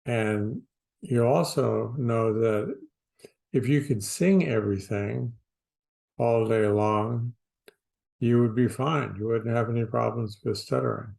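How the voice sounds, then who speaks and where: Slow, gravelly-voiced male coach. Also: medium pitch, a little mellow. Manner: slow, deliberate, plain-spoken explaining with pauses. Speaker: stuttering therapy coach. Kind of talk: casual explanatory talk to camera.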